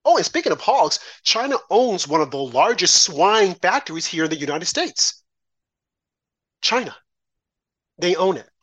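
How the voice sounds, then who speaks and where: A man's voice: high voice, big pitch swings, a little slow, pauses often, fairly bright tone, slightly rough. A man co-hosting a political commentary show, ranting with pointed rhetorical questions. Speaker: co-host.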